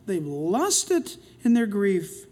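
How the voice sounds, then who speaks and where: An older man preaching a sermon in an animated way, acting out the voices in the stories he retells. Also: high-pitched, slow pace. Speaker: pastor.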